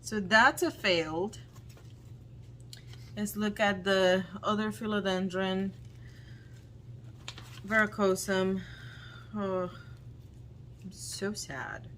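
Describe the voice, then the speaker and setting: A woman vlogger doing casual unboxing commentary, talking in a halting, dismayed way with frequent ums. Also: medium pitch, fairly even intonation, fairly bright tone, a little hiss or hum. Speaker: plant vlogger.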